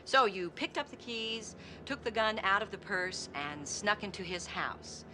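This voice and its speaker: Relentless, bright-voiced prosecutor. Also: female voice, medium pitch, expressive, unhurried, a little hiss or hum. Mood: probing. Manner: probing, pointed cross-examination. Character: sharp, relentless female prosecutor. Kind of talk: TV movie courtroom drama.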